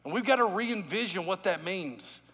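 High-voiced pastor preaching in a hall. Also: male voice, lively intonation, moderate pace, sharp tone, slightly rough. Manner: conversational, emphatic, calls to the congregation. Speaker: lead pastor. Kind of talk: sermon. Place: church sanctuary. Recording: long church hall reverb.

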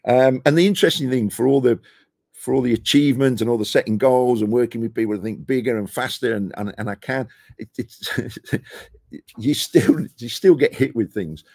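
A middle-aged man from the United Kingdom, a property investor being interviewed, tells lively anecdotes and acts out the dialogue, speaking from a rooftop terrace. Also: mid-range voice, normal speed, vocal fry, no echo. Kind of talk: casual interview storytelling.

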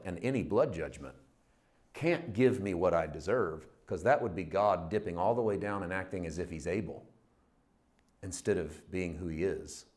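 A man teaches a Bible study sermon in a folksy, conversational style. He poses rhetorical questions and swings between loud, emphatic bursts and quiet, low asides.

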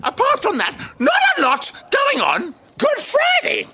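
Actor guy vlogging by the river, big swooping voice, slow drawn-out delivery, faint outdoor hum behind. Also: very high-pitched, wildly swooping pitch, rough recording. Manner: theatrical and exuberant, with sudden loud outbursts. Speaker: actor and channel host. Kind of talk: casual vlog to camera. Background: faint outdoor ambience.

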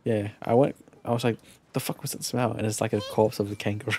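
A man streaming a video game live, chatting casually, excitable and profane, with playful shouted exclamations. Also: on the low side, fairly quick, background noise. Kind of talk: casual live gameplay commentary. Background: faint game music.

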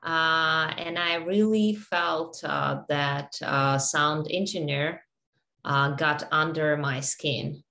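A woman's voice: deep voice, takes it slowly, creaky, pushed and bright. A woman learning English, answering hesitantly with many fillers, in an echoey room.

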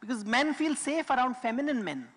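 A man's voice: extremely high pitch, big pitch swings, fairly quick, fairly bright tone, slight background noise. A man giving a lecture, explaining with stories and emphatic repetition. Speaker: public speaker. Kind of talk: lecture talk. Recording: long hall reverb.

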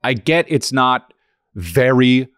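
A man co-hosting a podcast, talking casually with a lot of swearing and rambling, animated storytelling. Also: mid-range voice, takes it slowly, clear, resonant tone, no echo, clean studio sound. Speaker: podcast co-host. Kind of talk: casual chat.

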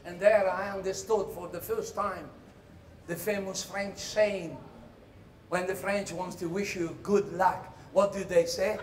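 A man with an Italian accent performing a comic theatre monologue in English, storytelling animatedly with sudden shouted cries. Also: a little slow, background noise. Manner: animated storyteller, bursts into high shouted cries, laughs through lines. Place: theatre stage. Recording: roomy hall echo.

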